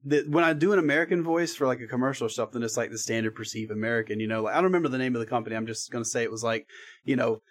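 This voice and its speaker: Talking very fast in a mid-range voice, this freelance voice actor is a podcast guest in a casual chat. His manner is rambling and relaxed, with the occasional swear word.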